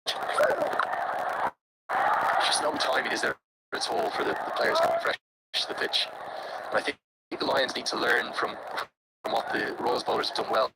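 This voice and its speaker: A man's voice: medium pitch, moderate pace, pauses often. A man with an Irish accent giving live cricket commentary, chatty and wry with joking asides. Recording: loud background noise over commentary.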